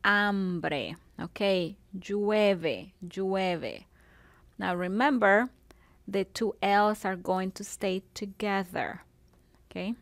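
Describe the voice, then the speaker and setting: Slow, patient woman teaching Spanish. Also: mid-range voice, fairly even intonation, vocal fry, a bit bright, no echo. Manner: slow, patient, spells out words syllable by syllable. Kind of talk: recorded classroom video lesson.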